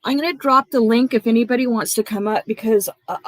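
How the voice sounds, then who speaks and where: A woman's voice: fairly high pitch, brisk, few pauses, a bit bright, no echo. A woman hosting her own livestream, angrily calling out people by name with lots of swearing. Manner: confrontational, swearing, calls out viewers by name. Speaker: livestream host. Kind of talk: angry livestream rant.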